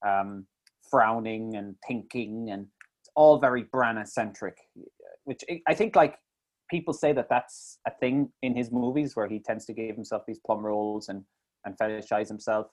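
A man's voice: fairly low pitch, normal speed. A man in casual chat, reviewing a film with mocking asides and swearing. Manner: animated, swearing, mocking impressions. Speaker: podcast co-host.

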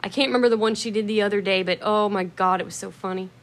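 A woman's voice: medium pitch, steady tone, quick pace. A woman vlogger chatting in a rambling, casual way, blunt and swearing freely, with hearty laughter.

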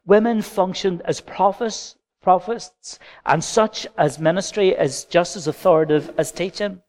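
Man, pastor, preaching with light humour and stories, voice a bit higher than usual. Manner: anecdotal, gently humorous preaching. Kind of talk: sermon. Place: church.

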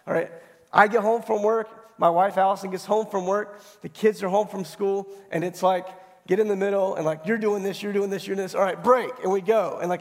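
Man, pastor, hoarse gravelly voice, fairly high pitch, conversational sermon, long church reverb. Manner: conversational storytelling, tag questions like "right?". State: hoarse from allergies. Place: church sanctuary.

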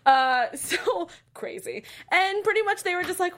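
A woman's voice: very high-pitched, animated, a bit bright. A woman co-hosting a casual TV recap show, laughing often and acting out her own reactions. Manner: giggly, quotes herself in quick asides. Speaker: co-host.

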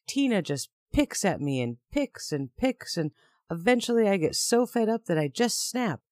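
A man's voice: high-pitched, sing-song, normal speed, a little mellow, dry recording, clean studio sound, voice pushed up. A man voicing a defensive, volatile adult male partner who talks in a raised, accusing, self-pitying way. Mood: pleading.

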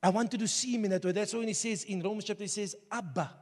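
Male pastor, high-pitched, passionate sermon delivery, long hall reverb. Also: fast. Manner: passionate, rising to shouts, conversational asides. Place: church hall.

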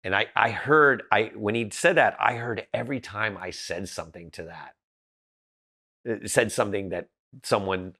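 Blunt low-voiced man from Southern California. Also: sharp tone, breathy edge. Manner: blunt, direct, halting with restarts. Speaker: podcast guest, business founder. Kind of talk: candid casual storytelling.

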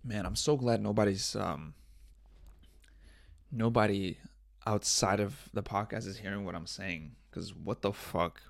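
A man hosts a solo podcast in a lowish voice with vocal fry, keeping a measured pace. He rambles, jokes around, swears frequently, and chats with himself, all recorded without any room sound.

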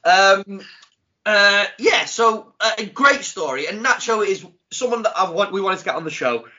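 Jokey male podcast host, bright forceful voice, lo-fi recording. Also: high-pitched, moderate pace. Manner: jokey, animated banter. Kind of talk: casual podcast chat. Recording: dull lo-fi sound.

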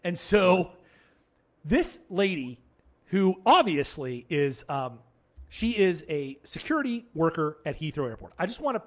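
An American man hosting a podcast, telling an anecdote in casual chat, animated and laughing often. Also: on the high side, unhurried. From United States. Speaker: podcast host.

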